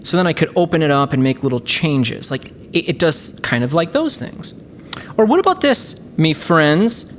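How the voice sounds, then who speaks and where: Low-voiced woman hosting a chatty tutorial. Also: slight background noise. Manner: chatty and enthusiastic, many fillers. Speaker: host. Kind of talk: casual tutorial demonstration.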